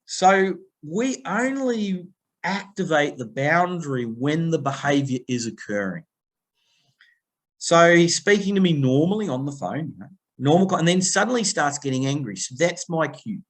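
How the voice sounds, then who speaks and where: An Australian man in middle age with a fairly high-set voice, speaking as a guest on a podcast. He tells stories with animation, slips into quoted voices and lays out advice in a plain conversational way. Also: moderate pace. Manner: animated storytelling, acting out phone quotes. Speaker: guest, people-pleasing coach.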